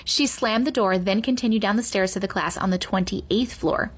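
A woman reading a children's chapter book aloud with expressive storytelling. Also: medium pitch, moderate pace, husky. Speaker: reader.

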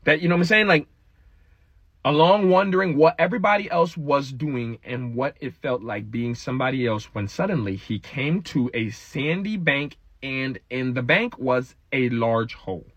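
A man talking casually to his viewers and addressing them as y'all, with animated asides while reading a kids' book. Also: medium pitch, normal speed, slightly rough, dry recording, highs cut off. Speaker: vlogger. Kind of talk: casual read-aloud vlog.

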